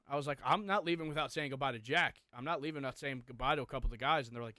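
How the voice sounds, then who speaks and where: A man's voice: medium pitch, rapid-fire, few pauses, sharp tone, no room sound. A young man co-hosting a podcast, intensely retelling a personal story with heavy swearing. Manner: profane, intense, emotional retelling. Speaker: podcast co-host.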